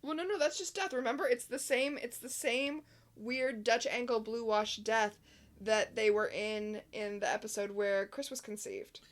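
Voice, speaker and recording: A woman with a somewhat high voice co-hosts a casual recap podcast. She talks through the episode with a dry, sarcastic edge and easy chatter. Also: moderate pace. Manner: wry, sarcastic. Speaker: podcast co-host.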